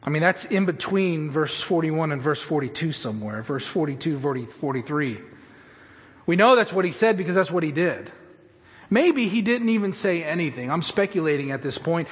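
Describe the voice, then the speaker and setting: A man preaching a sermon, telling stories dramatically and moving from hushed tones to loud, pleading cries. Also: fairly high pitch. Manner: dramatic, shifts from hushed storytelling to shouted pleading. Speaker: pastor. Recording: muffled sound with long hall reverb.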